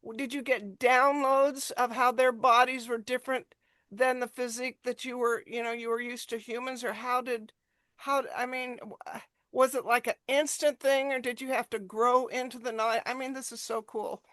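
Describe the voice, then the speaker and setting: A woman's voice: fairly high pitch, little pitch movement, normal speed, fairly bright tone, dry recording. A woman hosting an interview, gushing with enthusiasm and rambling through her questions. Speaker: host. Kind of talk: casual interview.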